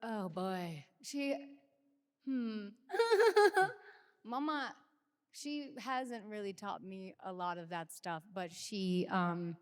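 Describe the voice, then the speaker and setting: A woman's voice: medium pitch, slow, clear, resonant tone, big-room sound. A woman in her thirties, a singer, chatting casually and rambling animatedly with many fillers. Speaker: singer answering fan questions. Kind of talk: casual Q&A chat. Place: backstage at a concert venue.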